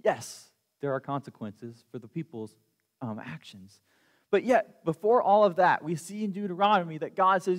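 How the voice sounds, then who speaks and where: A young man preaches in a church with a slightly high voice, talking to the congregation in an easy, earnest way and pausing to read scripture. His voice carries a long reverb from the large room. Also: animated. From United States. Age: young adult. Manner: conversational, earnest, reads scripture aloud. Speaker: student preacher. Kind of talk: sermon. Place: church sanctuary.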